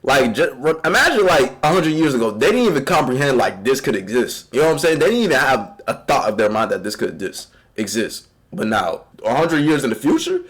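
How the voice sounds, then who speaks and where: A man's voice: mid-range voice, very animated, fairly quick, hardly any pauses, husky. A man reacting casually to a video on stream, talking loosely in slang and often asking "you know what I'm saying".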